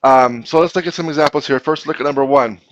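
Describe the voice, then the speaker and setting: A man's voice: mid-range voice, fast, no echo, highs cut off. A man teaching a grammar lesson to a class, patiently explaining step by step and asking his students questions.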